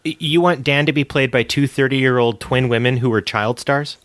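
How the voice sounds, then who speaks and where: A man's voice: mid-range voice, fairly bright tone, no echo. A Canadian man hosting a podcast, playful and teasing in casual chat. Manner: playful, teasing, quick to joke. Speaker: podcast host.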